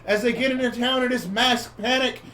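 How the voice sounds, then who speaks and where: A man hosting a podcast, casually retelling a movie plot in a rambling, animated way and acting out the characters' lines. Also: extremely high pitch, moderate pace, slight background noise. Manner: rambling, animated storyteller who acts out quotes. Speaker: podcast host.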